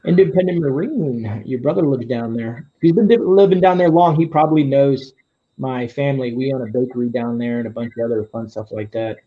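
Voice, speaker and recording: A man's voice: mid-range voice, a little fast. A man from the Florida Keys hosting a casual live-stream interview. He rambles, restarts often and laughs easily. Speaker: host. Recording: dull lo-fi stream audio.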